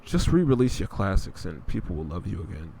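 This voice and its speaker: A man's voice: sits low, big pitch swings, fairly quick, creaky, warm tone, slight background noise. A young man hosting a podcast, chatting casually about video games in a blunt, profane, rambling way. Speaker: podcast host. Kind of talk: casual gaming chat.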